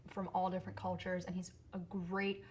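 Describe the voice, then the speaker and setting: A woman's voice: fairly low pitch, a little fast. Chatty, laughing woman singer. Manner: chatty and lively, laughs often. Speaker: singer-songwriter and guest. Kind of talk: casual interview chat. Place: theater stage.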